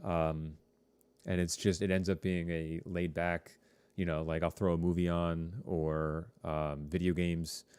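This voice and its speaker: A man teaching a high school TV production class, chatting casually to students on a live stream with lots of fillers and rambling asides. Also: level tone, unhurried, a little mellow, clear, resonant tone, no echo.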